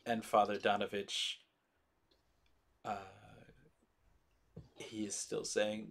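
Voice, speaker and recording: Slow, low-voiced man narrating as game master. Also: completely flat delivery, vocal fry.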